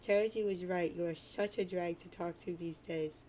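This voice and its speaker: Une femme lisant un garçon prophète morose. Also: female voice, fairly low pitch, fairly even intonation, moderate pace, mellow, slight background noise, close to an everyday voice. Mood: sarcastic. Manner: grumbly, sarcastic, self-pitying. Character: gloomy mopey teen boy prophet of doom. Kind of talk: dramatic reading of a webcomic.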